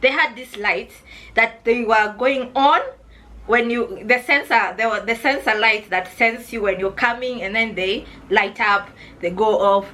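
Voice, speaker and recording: High-voiced Kenyan woman telling her story. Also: measured pace, sharp tone, rough recording. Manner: emotional, addresses viewers as guys, repeats herself. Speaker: vlogger. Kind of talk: personal storytelling vlog.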